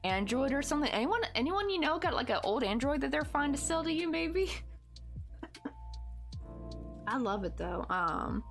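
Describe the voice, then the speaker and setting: A woman's voice: sits high, very animated, a little slow, long pauses, faint music behind. A woman from the United States hosting a crochet livestream, chatting in a rambling, laughing way and reading viewer comments aloud.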